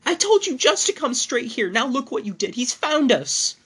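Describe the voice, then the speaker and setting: A man voicing a frantic adulterous wife, raising his voice high and panicked as he reads a horror story. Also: fairly quick, fairly bright tone, breathy edge. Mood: shrieking. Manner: shrill, panicked pleading.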